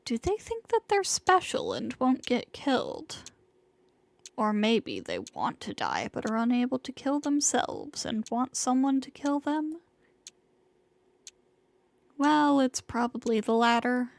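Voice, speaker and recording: A woman streamer reading a visual novel aloud in a dramatic, hushed way, sometimes sinking into whispers. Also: on the high side, very animated, vocal fry, no room sound. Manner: slow and hushed, sinking into whispers in tense passages.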